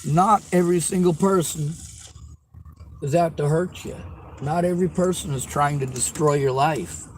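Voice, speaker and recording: A man's voice: a little high, normal speed, a little hiss or hum, poor audio. Heated, swearing man ranting from a car. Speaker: vlogger. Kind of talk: profane angry rant to camera.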